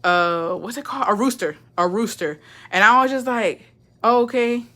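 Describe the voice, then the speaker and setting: A young woman from Texas spins family stories in loose, gossipy chat, swearing freely and jumping into other people's voices. Her tone is bright and forward at a middling pitch. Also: normal speed. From Texas, USA. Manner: profane, animated, gossipy, acts out quotes. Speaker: storyteller. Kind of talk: casual storytelling chat.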